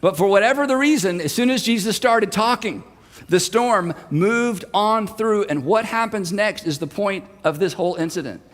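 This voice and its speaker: High-voiced pastor preaching in an echoing hall. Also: male voice, moderate pace. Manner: lively storytelling, shifting between loud and hushed. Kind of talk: sermon.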